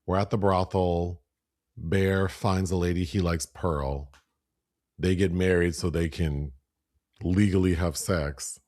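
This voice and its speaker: A man co-hosting a podcast, casually retelling a film's plot and mimicking characters in higher voices. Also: slow pace, no room sound, clean studio sound. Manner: animated, breaks into high voices when quoting. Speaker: podcast co-host. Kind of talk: casual film review chat.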